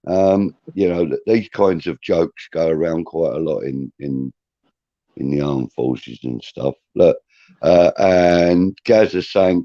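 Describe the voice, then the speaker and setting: A man's voice: low-pitched, slow, dark tone, no room sound, dull audio. A man hosting a live stream, upbeat as he reads viewer comments aloud. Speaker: co-host.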